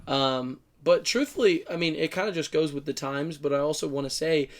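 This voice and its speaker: Brief: male podcast co-host, fairly high voice, emphatic, chatty. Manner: emphatic, quick to agree. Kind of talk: casual podcast chat.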